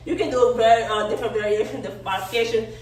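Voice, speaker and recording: Breathless woman vlogger, slightly high, chatty and laughing, recorded from a distance in a very echoey room. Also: steady tone, rapid-fire, slight background noise. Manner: laughing often, chatty, informal. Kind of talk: casual vlog demonstration. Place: room indoors, demonstrating yoga poses. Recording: very echoey room, somewhat far from the mic.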